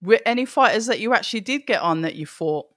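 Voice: mid-range voice, expressive, fast, a bit bright, dry recording, studio quality. A podcast host asking eager follow-up questions in casual chat.

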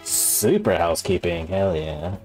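A man quietly thinking aloud as he plays a game, in casual commentary. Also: a little slow, soft background music. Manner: low-key muttering, thinking aloud. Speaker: gamer.

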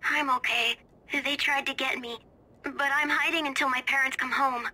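A woman's voice: high-pitched, fairly even intonation, moderate pace. Timid little girl Clementine. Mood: scared. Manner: quiet, timid. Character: scared little girl hiding alone.

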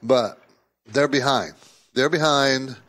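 A man's voice: medium pitch, takes it slowly, fairly bright tone. A man hosting a financial talk radio show, giving unscripted market commentary, emphatic and repeating his key points to listeners.

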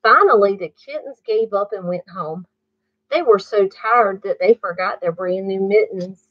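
A woman reading a bedtime story aloud to children, pausing to ask the listener questions. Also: mid-range voice, dry recording. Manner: slow, asks the listener questions. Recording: muffled dry recording.

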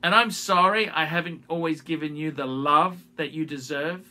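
A man making a direct-to-camera apology video as a YouTuber, halting and repetitive, often restarting his phrases. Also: fairly high pitch, sharp tone.

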